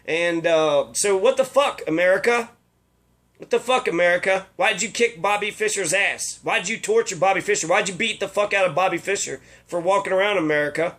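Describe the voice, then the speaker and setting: A man's voice: high-pitched, fairly bright tone. A man delivering a rambling, profane, indignant monologue as a video commentator. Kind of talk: casual ranting monologue.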